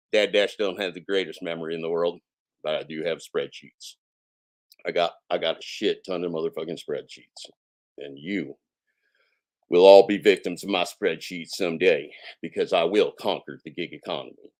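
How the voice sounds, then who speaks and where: A man hosting a casual live stream, talking in a sarcastic, mocking and boastful way and swearing freely. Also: fairly low pitch.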